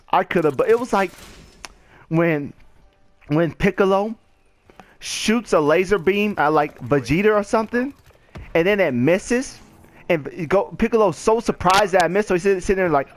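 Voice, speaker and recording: A man's voice: sits high, normal speed. Rambling young man telling a story. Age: young adult. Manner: rambling, animated retelling with quoted voices. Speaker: gaming channel host. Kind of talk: casual story time over gameplay.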